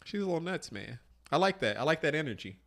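Male podcast host, casual crude banter, lively swooping pitch, bright forward tone, laughs a lot. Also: quick pace, vocal fry. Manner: animated storyteller, laughs often, acts out voices.

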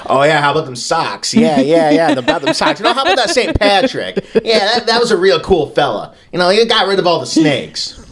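A man voicing a loud middle-aged bar regular in a botched put-on regional accent. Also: fairly high pitch, wildly swooping pitch, a little fast, hardly any pauses, voice pushed up. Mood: boastful.

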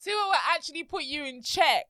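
Woman on a podcast, chatty, laughs through her stories, bright tone. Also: sits high, animated, quick pace, no echo. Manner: laughs while telling stories. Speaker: podcast co-host. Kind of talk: casual chat.

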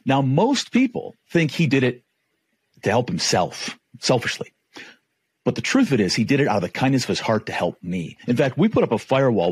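A man's voice: medium pitch, husky, dry recording. A middle-aged man, a negotiation trainer, telling a career story and acting out the dialogue. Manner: animated, acts out dialogue. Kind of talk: storytelling in a talk.

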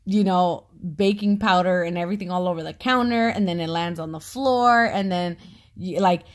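A woman in her thirties chatting casually as a podcast co-host, talkative and quick to laugh. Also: on the low side. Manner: chatty, laughs often, talks a lot. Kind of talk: casual conversation.

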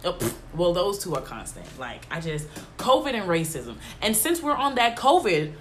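A woman's voice: on the low side, big pitch swings, moderate pace, fairly bright tone, a little hiss or hum. A young adult woman hosting a casual podcast, congested from allergies, talking in an emphatic, exasperated way full of slang fillers. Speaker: podcast host. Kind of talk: casual solo podcast chat.

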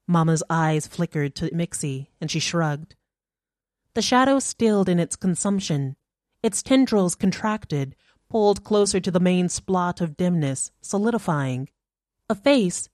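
A woman narrating a short story in an audiobook reading, measured and even. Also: lowish voice, dry recording, studio quality.

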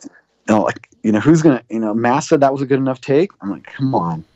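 Medium in pitch, quick, and mellow, this man is a record producer telling casual, rambling stories as an interview guest, with plenty of fillers and acted-out quotes. The sound is dry, dull, and lo-fi.

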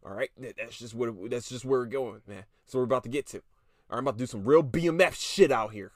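A man's voice: mid-range voice, no room sound, clean studio sound. A tired podcast host, a man, ranting casually with lots of swearing and stammered restarts. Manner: irritated, profane, rapid restarts and stammers.

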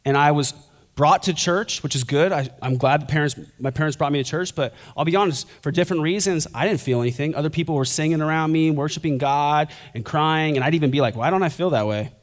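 A man's voice: a little high, fast. A young man preaching a sermon as a pastor, conversational and joking, then building to fervent intensity.

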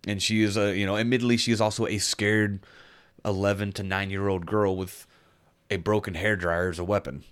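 Guy with a really low voice, casual chat, rambles and restarts a lot while reviewing a game. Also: level tone, a little fast, a bit bright, clear, resonant tone. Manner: rambling, searches for words, frequent restarts. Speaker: podcast co-host reviewing a game.

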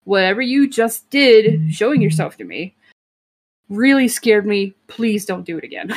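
A young woman co-hosting a podcast, telling a story in a casual, rambling way with lots of "like" and "um" and quick laughs. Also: medium pitch. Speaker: podcast co-host.

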